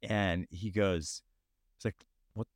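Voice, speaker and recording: A man in his thirties co-hosting a podcast in a casual chat, relaxed and easy to laugh. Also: fairly low pitch, normal speed, no echo, studio quality. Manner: laid-back, laughs often, says dude and man. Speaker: podcast co-host.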